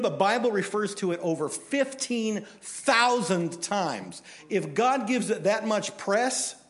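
A man preaching a sermon in a conversational, storytelling way, with animated delivery. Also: fairly high pitch. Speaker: pastor.

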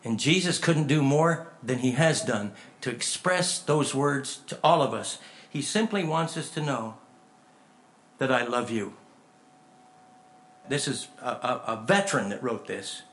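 A man preaching a sermon in a folksy, animated storytelling way, acting out conversations as he tells them. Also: medium pitch, a little slow, a little hiss or hum. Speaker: pastor.

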